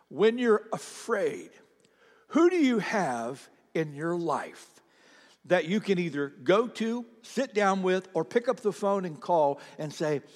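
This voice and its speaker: A middle-aged man preaching a sermon as pastor, swinging from loud, emphatic declarations to hushed near-whispers and repeating lines for emphasis. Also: a little high, husky. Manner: repeats lines for emphasis, speaks directly to the congregation. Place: large church sanctuary. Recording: church hall with long reverb.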